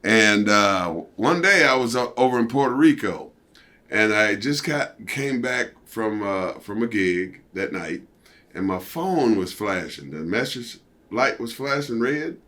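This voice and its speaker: An older man, a former wrestler, telling a story as an interview guest in a casual, animated way and acting out what others said. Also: lowish voice, measured pace. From United States. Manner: animated, acts out quoted voices.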